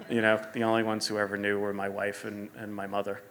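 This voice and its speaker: A middle-aged man, a sneaker designer as guest, telling animated stories at a live store interview and acting out quotes. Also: lowish voice, normal speed, slight background noise. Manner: animated storyteller, acts out quotes, laughs often. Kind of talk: live stage interview storytelling.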